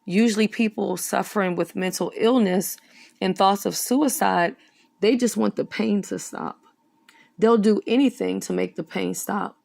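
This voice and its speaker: A woman's voice: mid-range voice, unhurried, gravelly, darkish tone. A woman giving earnest, serious spoken commentary on a news story as an online commentator.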